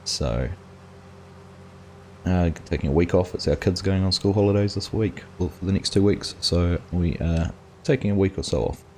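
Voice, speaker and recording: A man's voice: low-pitched, moderate pace, a little mellow, slight background noise. An Australian man hosting a live game stream, casually chatting and greeting viewers in chat by name as he plays. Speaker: gaming streamer host.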